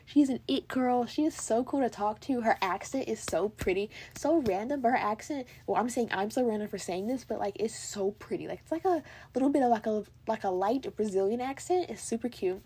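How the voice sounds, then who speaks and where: A woman's voice: a little high, animated, a little fast, mellow, slight background noise. Bubbly young American woman podcaster. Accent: General American. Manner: bubbly, gushing, lots of "like" and "literally". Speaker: podcast host. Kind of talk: casual solo podcast chat.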